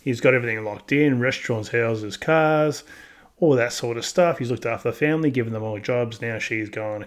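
A man's voice: medium pitch, moderate pace. A man hosting a show, reacting to a guest's story with blunt, crude, slangy comments. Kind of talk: casual commentary.

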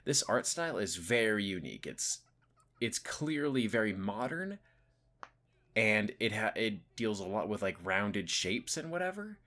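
This young video host rambles casually, peppering his talk with "like" and "you know" as his pitch rises and falls. He sounds bright, forceful, and sing-song, keeping a measured pace.

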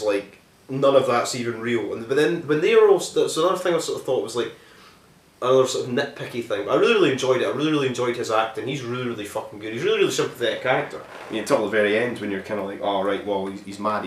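A man's voice: mid-range voice, fast talker. A man casually retelling a film's plot as a reviewer, rambling and swearing, with lots of "like" fillers. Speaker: film reviewer. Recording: roomy echo.

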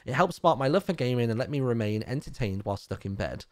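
A British man reading out donor names and messages on a charity game stream, brisk with filler ums. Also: mid-range voice, lively intonation, no echo. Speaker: livestream donation reader.

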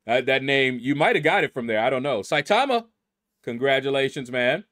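A man's voice: mid-range voice, expressive, brisk, fairly bright tone. A middle-aged man hosting a gaming channel, casually reading out leaderboard names and musing aloud as he stumbles over them.

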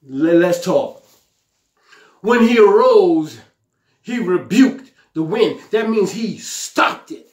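A man's voice: sits high, expressive, slow pace, long pauses, darkish tone, echoey room. A man preaching a sermon with fervent exclamations, repeating his lines and acting out the scripture in a pleading voice. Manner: paraphrases the scripture aloud in a pleading voice.

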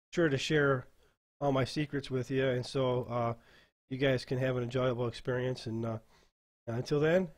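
In a relaxed screen-share tutorial for dungeon masters, a man with a mid-range voice rambles and hesitates while clicking through software at his desk mic.

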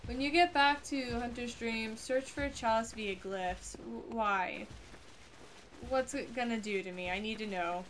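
A woman streamer giving excitable, foul-mouthed commentary to her viewers while playing a game. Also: fairly high pitch, measured pace, a little hiss or hum. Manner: excitable, swears freely, talks to her viewers. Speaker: gaming streamer. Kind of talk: let's play commentary. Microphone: headset or desk mic.

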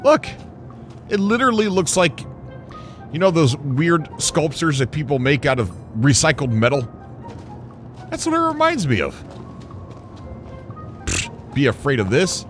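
A man hosting a gaming channel who gives casual gameplay commentary, excitable and rambling and often laughing. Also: fairly high pitch, moderate pace, pauses often, soft background music.

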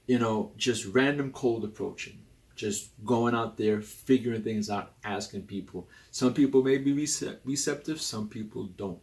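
A young adult man hosting a casual talk about personality types, animated and rambling, often restarting his sentences. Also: normal speed. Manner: animated and rambling, with many restarts and sudden jumps in pitch. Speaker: host.

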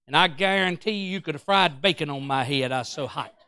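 A preacher man tells a story from the pulpit, his voice high and bright. He acts out every quote with big swings, breaking off to call out to his church. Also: fairly quick, clear, resonant tone, no room sound, studio quality. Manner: animated, acts out quotes, Pentecostal call-outs. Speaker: pastor. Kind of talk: storytelling sermon.

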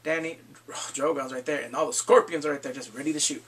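A man casually recapping a TV episode in a vlog, excitable and profane, jumping into the characters' lines as he goes. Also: fairly high pitch, fast, slight background noise. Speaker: TV episode reviewer.

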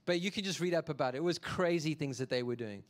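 A man preaching a sermon as a pastor, telling the story in an animated, jokey way. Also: a little high, fast.

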